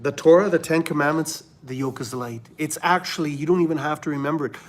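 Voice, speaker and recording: A man from Canada hosting a livestream of religious commentary, preaching fervently and then dropping to a hushed murmur. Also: a little high, steady tone, quick pace, a little hiss or hum. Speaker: livestream host.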